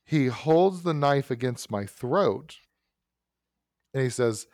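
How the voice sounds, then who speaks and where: A man's voice: medium pitch, lively intonation, slow pace, a little mellow, dry recording, clean studio sound. A man telling a long personal anecdote in casual chat, rambling with asides and restarts. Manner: rambling, self-correcting anecdote with frequent asides. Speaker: podcast host telling a story. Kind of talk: casual storytelling.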